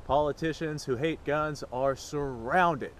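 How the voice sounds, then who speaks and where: A man's voice: on the high side, measured pace, a little hiss or hum. A man making a sarcastic, mock-serious vlog outdoors at a shooting range. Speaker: gun vlogger.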